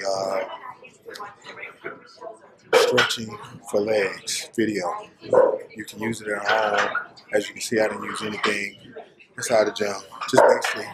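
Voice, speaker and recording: A man's voice: fairly low pitch, heavy background noise. A man talking casually to camera in a fitness vlog, chatty and full of restarts. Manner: chatty, restarts and self-corrections. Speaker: fitness vlogger. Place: car and busy gym.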